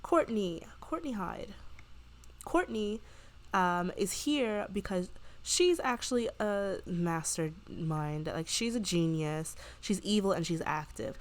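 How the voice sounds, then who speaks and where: A woman narrating her game as a casual story, quoting the characters in quick voices and sometimes breaking into excited shrieks. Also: mid-range voice. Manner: chatty, retells scenes with quick quoted voices, bursts into excited shrieks. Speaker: gameplay narrator. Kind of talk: casual let's-play storytelling.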